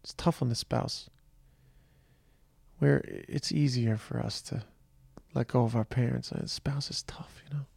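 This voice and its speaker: A tired middle-aged man talks through a personal monologue in a slow, halting way, often trailing off and restarting. His voice has a gravelly fry at a medium pitch. The recording is dry and close, with no room sound. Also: steady tone, darkish tone, dry recording. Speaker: podcast host.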